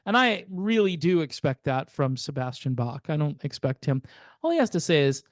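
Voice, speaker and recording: High-voiced older man, rambling music talk. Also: sing-song, moderate pace, no room sound, clean studio sound. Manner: rambling, sardonic, chatty with fillers. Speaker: music channel host. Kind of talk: casual music commentary.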